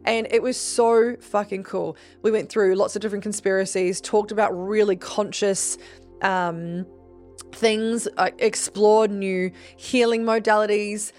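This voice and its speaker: A young Australian woman hosting a podcast, telling a story in a casual, animated way, swearing freely and acting out what people said. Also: moderate pace, soft background music. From Melbourne, Australia. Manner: animated, swears freely, acts out dialogue with big pitch jumps. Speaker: podcast host.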